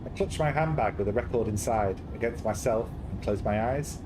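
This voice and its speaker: A man reading a narrative game aloud in steady first-person narration, with quick wry asides. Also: fairly low pitch, noisy background. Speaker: game streamer.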